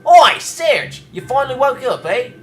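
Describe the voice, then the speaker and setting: A man's voice: extremely high pitch, big pitch swings, unhurried, soft background music, voice pushed up, full character voice. A man voicing a brash, cocky young woman thief in a video game, teasing and tough-talking.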